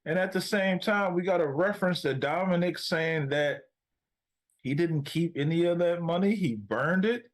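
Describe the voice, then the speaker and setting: A relaxed man talking over a film with a friend. He drops in joking asides and laughs along, in a voice a little higher than most men's. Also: normal speed, rough recording. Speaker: movie review co-host. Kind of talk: casual movie review chat.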